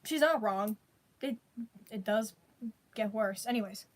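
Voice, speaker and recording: A woman's voice: medium pitch, a little slow. A woman vlogger telling a personal story in a rambling, slangy way, full of restarts and bursts of laughter. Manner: breaks into laughter while telling it. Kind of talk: casual storytelling.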